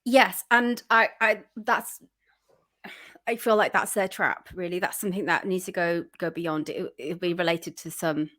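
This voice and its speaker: A woman's voice: lowish voice, fairly even intonation, measured pace, sharp tone. A woman guest on an interview show, giving earnest, encouraging tips as a spiritual coach. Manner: earnest, encouraging advice-giver. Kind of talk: casual interview chat.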